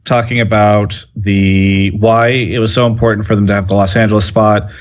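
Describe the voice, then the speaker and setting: A man's voice: on the low side, flat delivery, moderate pace. Chatty man on slightly dull audio. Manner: talkative, filler-heavy reasoning. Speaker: podcast guest, journalist. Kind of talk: casual panel discussion.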